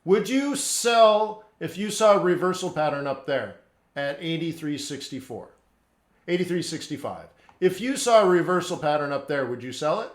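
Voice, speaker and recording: A man's voice: a little high, animated, normal speed, reverberant. A man teaching a live trading lesson, reading out chat questions and answering them bluntly, with lots of repetition. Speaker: forex trading instructor.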